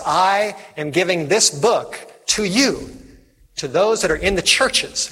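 A fervent male preacher delivers a sermon in a slightly raised, husky voice. His words ring with long reverb through a large hall, with faint music behind. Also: a little high, fairly bright tone. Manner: fervent, call-and-response. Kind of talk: evangelistic sermon.

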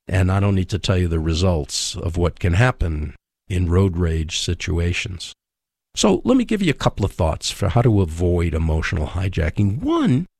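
A man hosting a faith-based radio show, teaching about relationships with emphatic, preacher-like delivery and pauses for emphasis. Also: on the low side, creaky, a little mellow, husky, dry recording, studio quality.

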